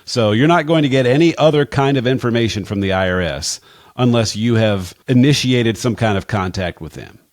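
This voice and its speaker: A man's voice: mid-range voice, animated, moderate pace, no room sound, studio quality. A man giving casual financial advice on a podcast, plainspoken and wry, with frequent asides. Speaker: financial advisor, podcast guest expert.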